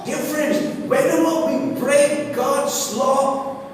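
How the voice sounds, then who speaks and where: A man's voice: very high voice, fairly even intonation, slow pace. A male pastor preaching a sermon, emphatic and repetitive, talking straight to his congregation. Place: church hall with a congregation. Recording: echoey hall, recorded from far off with background noise.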